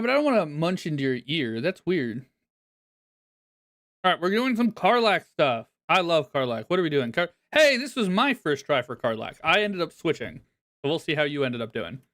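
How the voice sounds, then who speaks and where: A man's voice: on the high side, sing-song, moderate pace, fairly bright tone. A man chatting casually on a live stream as he reviews viewers' decks, laughing often and poking fun at himself.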